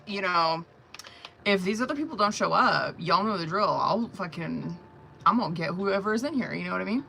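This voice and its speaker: A woman's voice: mid-range voice, sharp tone, slight background noise. Slangy, profane woman with a sore throat. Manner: casual and profane, slangy, laughs often. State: sore throat, talking softly. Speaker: tarot reader. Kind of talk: casual live-stream chat.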